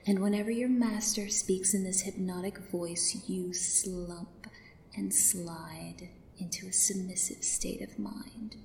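A woman in a commanding yet soothing whispered role-play, drifting between a soft voice and a whisper. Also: on the low side, vocal fry. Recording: roomy echo, faint background hiss.

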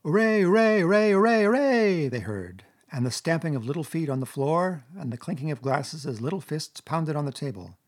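Husky male audiobook narrator. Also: medium pitch. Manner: measured, expressive storytelling. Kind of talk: audiobook narration of a classic children's story.

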